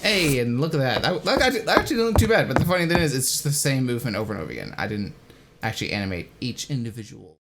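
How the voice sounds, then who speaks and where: A man's voice: mid-range voice, very animated, rapid-fire, creaky, heavy background noise. A young man hosting a casual, self-mocking commentary, rambling and swearing now and then. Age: young adult. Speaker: host.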